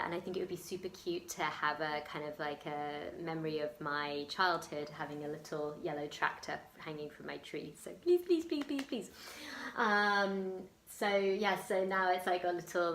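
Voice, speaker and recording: A woman's voice: low voice, level tone, normal speed, few pauses, a bit bright, roomy sound, slight background noise. An English woman telling a personal story in a chatty, emotional way, with many ums and laughs. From England. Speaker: vlogger. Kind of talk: casual storytelling vlog.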